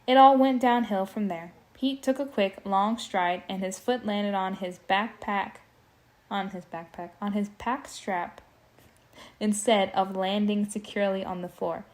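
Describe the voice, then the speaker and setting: A woman's voice: medium pitch, fairly even intonation, a little slow, darkish tone. A young woman reading a horror story aloud in an amateur style, tripping over words and breaking in with joking asides. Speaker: audiobook reader. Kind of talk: casual amateur audiobook reading with commentary.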